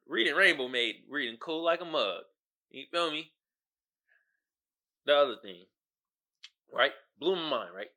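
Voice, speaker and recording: A male podcast host in casual solo commentary, animated, swinging from mumbles to shouts and laughing often. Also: on the high side, a little slow, pauses often.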